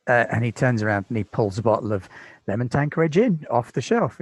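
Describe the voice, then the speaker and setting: A man's voice: medium pitch, animated, brisk, no room sound, low-quality recording. A British man narrating as game master of a tabletop game, describing scenes in an easygoing way with many fillers.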